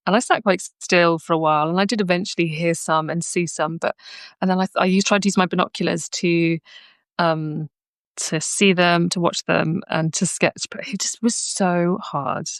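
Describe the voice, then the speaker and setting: Woman host, lower pitch, relaxed and chatty, dry close mic. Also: normal speed, dry recording. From southern England. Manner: chatty, laughs often, many restarts. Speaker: art club host. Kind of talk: casual chat during a live sketch-along. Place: art studio.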